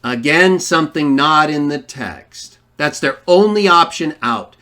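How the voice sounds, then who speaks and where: Slow, emphatic man teaching scripture. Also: a little high, lively intonation, pushed and bright. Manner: emphatic, argumentative, rhetorical questions. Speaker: online Bible teacher. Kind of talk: polemical Bible teaching.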